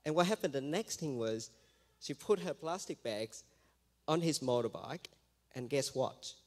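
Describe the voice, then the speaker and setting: Missionary man telling a lively story. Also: medium pitch, unhurried. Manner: lively storytelling, acting out quoted voices. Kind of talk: church mission testimony.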